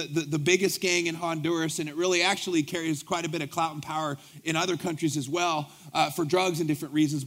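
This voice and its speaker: Guy pastor preaching, kinda high voice, acts out all the back and forth in his stories. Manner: animated storyteller acting out dialogue. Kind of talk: sermon with storytelling.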